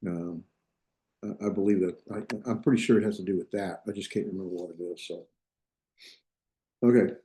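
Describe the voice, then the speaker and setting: A man's voice: sits low, steady tone, moderate pace, pauses often, mellow. A man teaching a Biblical Hebrew grammar class, explaining step by step, thinking aloud and checking in with his students. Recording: echoey classroom.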